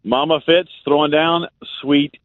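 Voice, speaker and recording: A man's voice: a little high, steady tone, a little slow, no echo. A man with a Louisiana accent, a guest radio host talking in a folksy, rambling way full of "uh"s. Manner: folksy, drawling, lots of "uh" fillers. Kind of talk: casual radio chat. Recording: phone-like call-in line.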